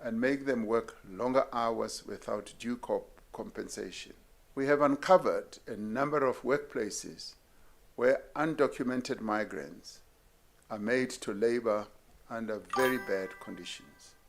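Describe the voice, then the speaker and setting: A South African man, a head of state, delivering a formal public address in a measured, deliberate way. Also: medium pitch, creaky.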